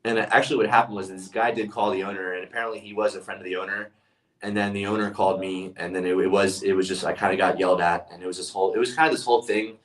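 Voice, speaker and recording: A man's voice: low-pitched, fairly even intonation, quick pace, far from the mic, rough recording. A man speaking as a leadership speaker in a casual monologue, telling stories earnestly and often restarting his phrases.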